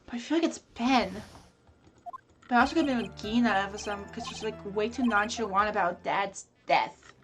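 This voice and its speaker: A woman's voice: medium pitch, moderate pace, music in the background. A woman streaming a game, chatting casually and apologizing to her chat. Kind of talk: casual gaming commentary.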